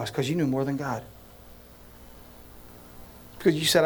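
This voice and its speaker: A man preaching a sermon as pastor, telling a story in an animated way, acting out scenes and speaking straight to his listeners. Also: on the high side, fairly quick, long pauses, slight background noise.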